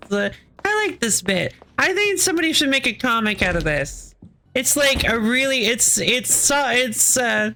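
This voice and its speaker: A woman's voice: a little high, very animated, normal speed, bright, forceful tone, slight background noise. A woman streaming a game, chatting in a rambling, playful way. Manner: rambling, playful, laughs often. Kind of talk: casual let's-play commentary.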